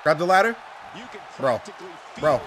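High, lively young man excitedly gaming. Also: a little slow. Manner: loud, excitable, swears and shouts at the game. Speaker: gaming commentator. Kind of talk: excited let's-play commentary.

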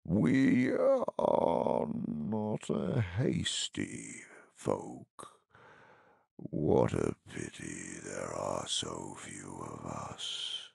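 A man reading an audiobook, voicing an ancient, slow-spoken male tree giant in a deep, creaky rumble. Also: wildly swooping pitch, darkish tone, dry recording, studio quality, exaggerated voice. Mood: ponderous. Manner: slow, ponderous, sorrowful.

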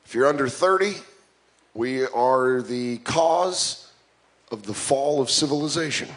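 A man's voice: medium pitch, expressive, a little slow, a bit bright, slight background noise. A young man in his twenties performing a stand-up comedy set, self-mocking and punchy.

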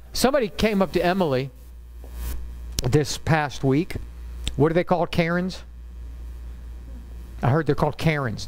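A middle-aged man preaching a sermon as pastor, telling stories in an emphatic, conversational way. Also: on the high side. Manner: animated storyteller, emphatic and conversational.

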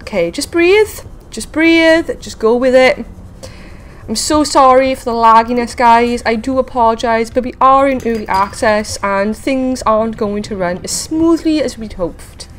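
A woman hosting a casual game video, chatting excitedly to viewers and talking to the creatures she meets. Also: on the high side, moderate pace, slight background noise. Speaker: gaming video host. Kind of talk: casual let's-play commentary.

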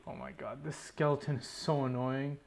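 A man's voice: mid-range voice, level tone, moderate pace, gravelly. A young man giving running commentary over his own gameplay, swearing often and talking to himself in exasperation. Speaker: gaming YouTuber.

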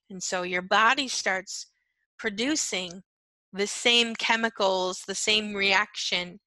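Woman, empathy coach, earnest teaching monologue, bright edgy tone, dry close recording. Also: mid-range voice, dry recording, poor audio. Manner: earnest, repeats key phrases, frequent "right?" and "okay".

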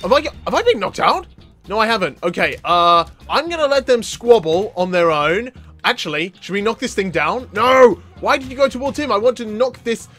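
An excitable man hosting a gaming channel and narrating his own matches. His voice sits high for a man, and it jumps into yells and laughs. Faint music plays under his commentary. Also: fairly quick. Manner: excitable, yelling and laughing at the game. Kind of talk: let's play commentary.

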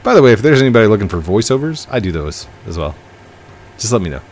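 A man's voice: lowish voice, big pitch swings, fast talker. A young man hosting a gaming channel, chatting casually and rambling to his viewers while he plays. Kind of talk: casual gameplay commentary.

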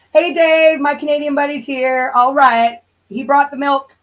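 A woman's voice: high-pitched, steady tone, measured pace, a bit bright, low-quality recording. Sarcastic profane woman streamer. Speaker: channel host. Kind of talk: casual commentary livestream.

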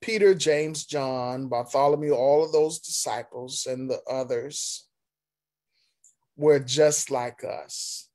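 A man with a warm, medium-pitched voice teaches a Sunday school Bible lesson as a pastor, reading verses aloud and explaining them with a measured, halting delivery full of pauses and restarts.

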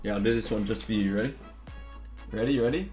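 A man's voice: on the low side, quick pace, a little mellow, soft background music. A man streaming a video game, chatting casually with his live chat, reading messages aloud and laughing often.

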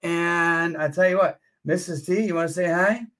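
With a fairly high voice and moderate pace, this man hosts a home auction livestream, keeping the conversation relaxed and sprinkled with frequent "uh"s.

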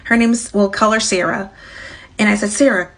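A woman who works as a lice technician, recounting a work story in a casual, halting way, full of "like" and restarts. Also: medium pitch, flat delivery, gravelly.

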